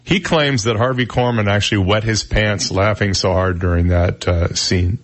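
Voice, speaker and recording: A man's voice: on the low side, steady tone, moderate pace. A man hosting a radio talk show, chatting casually and reading news items with his own asides.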